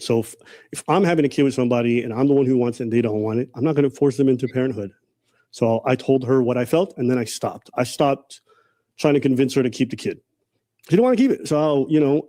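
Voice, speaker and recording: A man's voice: mid-range voice, warm tone, dry recording. A man telling a personal story with an earnest, strained delivery. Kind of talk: personal account.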